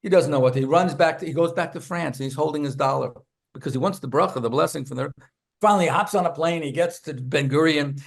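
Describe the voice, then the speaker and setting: A man who is a rabbi and author, telling lively anecdotes as an interview guest and acting out the people in his stories. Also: a little high, fast talker, creaky. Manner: animated, acts out characters in his stories.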